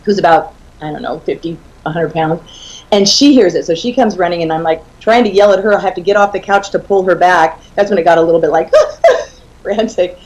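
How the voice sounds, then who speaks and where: A woman in her fifties, a guest in an interview, telling animated stories and laughing often. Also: lowish voice, a little fast. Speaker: author and guest. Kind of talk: casual storytelling in an interview. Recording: slightly muffled audio.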